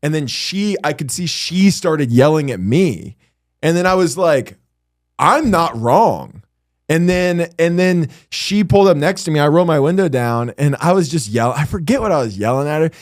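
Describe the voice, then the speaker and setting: A man's voice: on the high side, moderate pace, dry recording, studio quality. A man hosting a casual comedy podcast, telling stories with lots of swearing and acted-out quotes. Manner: animated storytelling, swearing, acting out quotes. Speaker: podcast host.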